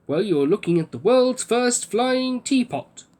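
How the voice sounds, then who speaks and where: A man voicing a jolly, inventive giant wizard in a storybook, with a booming, hearty way of speaking. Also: lively intonation, a little slow, darkish tone.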